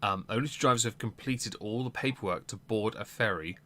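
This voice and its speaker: A man's voice: fairly low pitch, a little fast, fairly bright tone. A man hosting a political live stream, giving casual commentary with lots of ums and blunt swearing.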